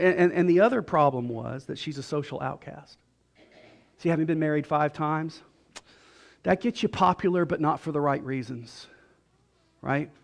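In church, a middle-aged pastor whose voice is slightly high and creaky delivers a sermon. His tone stays conversational and jokey, and now and then he briefly voices characters from his stories.

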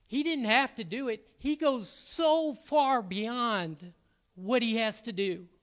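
Man, church talk, excitable, halting, lots of restarts. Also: extremely high pitch. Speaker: elder candidate. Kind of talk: sermon-style church talk.

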